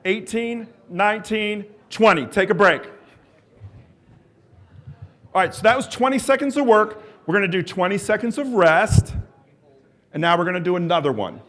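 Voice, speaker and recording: A man with a notably high voice leads a live exercise workshop. He coaxes and cheers the group and calls out timed cues and countdowns. His talk is eager and encouraging throughout. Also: brisk, a bit bright. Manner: enthusiastic, encouraging, coaxes the audience. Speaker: exercise coach presenting at a symposium. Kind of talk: live workshop presentation leading an exercise drill.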